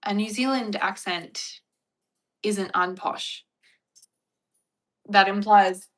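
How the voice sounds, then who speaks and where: A woman's voice: medium pitch, slow pace, pauses often, a bit bright. A young Australian woman chatting casually on a livestream with a wry, chatty manner. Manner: chatty, wry, mock-dramatic impressions.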